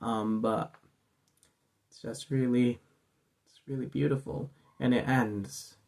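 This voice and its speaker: A man's voice: mid-range voice, fairly even intonation, slow pace, gravelly, darkish tone, slight background noise. A man hosting a casual vlog monologue, gushing and filling his talk with ums and you-knows. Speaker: channel host.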